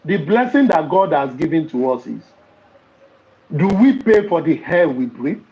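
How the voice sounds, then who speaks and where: A man's voice: fairly high pitch, sing-song, moderate pace, warm tone, dull audio. A man with a Nigerian accent in casual podcast talk, preaching and telling stories with rhetorical questions.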